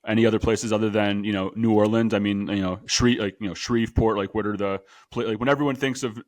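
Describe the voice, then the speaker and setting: A man's voice: lowish voice, steady tone, quick pace, a little mellow. A male podcast host from Chicago who chats casually, laughs often and rambles through his questions. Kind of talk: casual interview hosting.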